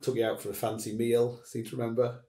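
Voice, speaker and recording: A man's voice: mid-range voice, completely flat delivery, quick pace, warm tone, echoey room. A man hosting a casual chat, rambling and restarting his sentences. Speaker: podcast host.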